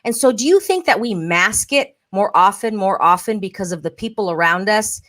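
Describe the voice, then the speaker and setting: A woman hosting a podcast in a lively chat, acting out quoted voices as she talks. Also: medium pitch, normal speed. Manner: animated, acts out quoted voices. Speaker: podcast host. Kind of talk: casual podcast conversation.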